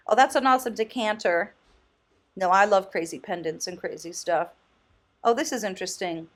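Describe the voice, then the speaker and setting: A woman vlogging casually as a thrift host, chatty and enthusiastic, often exclaiming and thinking out loud. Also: medium pitch, normal speed. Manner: muses aloud, thinking out loud. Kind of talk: casual vlog commentary.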